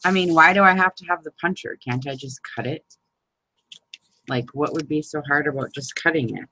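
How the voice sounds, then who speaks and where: A woman's voice: sits low, normal speed, bright, forceful tone, slight background noise, poor audio. A woman hosting a live crafting chat, rambling and exasperated, swearing and laughing as she talks to viewers by name. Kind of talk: casual live chat, demonstrating a paper craft.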